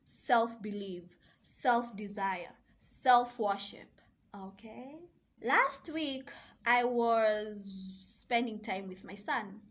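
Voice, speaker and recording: A woman coach sharing a slow, soft and deliberate reflective monologue. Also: a little high. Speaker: self-love and mindset coach.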